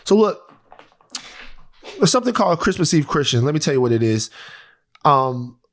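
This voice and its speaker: A young man, a podcast co-host from Louisiana, telling a long casual story with swings between loud bursts and soft asides. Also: a little high, big pitch swings, moderate pace.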